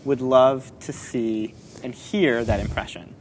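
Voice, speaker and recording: A man's voice: mid-range voice, measured pace, a little hiss or hum. Playful teasing man hosting. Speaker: host, youth pastor. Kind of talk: casual chat.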